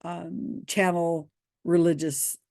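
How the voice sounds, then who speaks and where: A woman's voice: lowish voice, level tone, slow, dark tone, no echo. A woman casually commenting on video comments, reading them aloud and answering in a dry, skeptical way.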